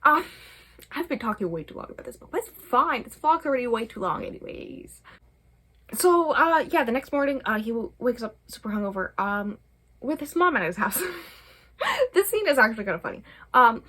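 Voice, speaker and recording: A woman's voice: fairly high pitch, sing-song, brisk, sharp tone. A young adult woman, a book vlogger, rambling casually through a book review with many fillers. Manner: rambling, chatty, many fillers, laughs often.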